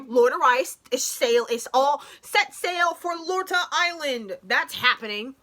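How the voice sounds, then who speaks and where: Gushing, high-voiced woman reacting to a show. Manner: gushing, excitable, swears, trails off mid-sentence. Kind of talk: emotional casual reaction commentary.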